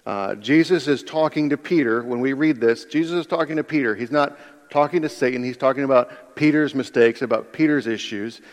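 A man's voice: mid-range voice, a little fast. A male pastor giving a conversational sermon, often restarting his sentences and acting out quotes. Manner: conversational, animated preaching with frequent restarts and acted-out quotes. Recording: long hall reverb.

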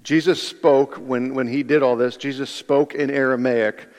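A man's voice: mid-range voice, normal speed. A male pastor giving a conversational sermon, often restarting his sentences and acting out quotes. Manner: conversational, animated preaching with frequent restarts and acted-out quotes. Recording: long hall reverb.

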